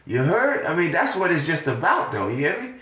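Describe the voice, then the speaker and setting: Animated older man, roomy echo. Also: a little high, fairly quick. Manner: animated, profane, laughing often. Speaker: podcaster. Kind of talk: casual podcast monologue.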